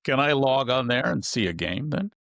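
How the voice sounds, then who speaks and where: Deep gravelly guy hosting, short questions, stop-start, dry mic sound. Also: expressive, fairly bright tone, dry recording. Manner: short questions with halting restarts. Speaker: interview host. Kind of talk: conversational interview.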